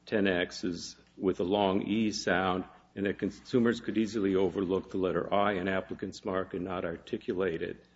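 A man presenting an oral argument in a courtroom as an appellate attorney, formal and measured with some hesitant fillers. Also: sits low, darkish tone. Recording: dull lo-fi courtroom audio.

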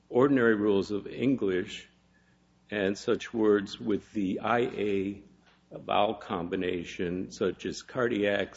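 A man presenting an oral argument in a courtroom as an appellate attorney, formal and measured with some hesitant fillers. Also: low-pitched, gravelly. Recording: dull lo-fi courtroom audio.

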